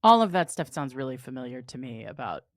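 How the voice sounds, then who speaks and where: A woman's voice: a bass voice, big pitch swings, fast talker, no echo, studio quality. A woman in her forties hosting a podcast, reflective and asking open questions. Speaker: podcast host. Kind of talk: casual interview chat.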